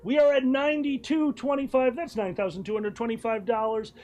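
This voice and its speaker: A man's voice: very high voice, fairly quick. Laughing man telling a convention story. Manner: animated storyteller, laughs often. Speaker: streaming show host. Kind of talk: casual storytelling chat.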